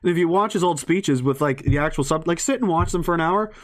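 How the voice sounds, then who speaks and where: A man's voice: fairly high pitch, fast. A man in a ranting monologue to an audience, swearing often, rambling and breaking into laughs mid-sentence.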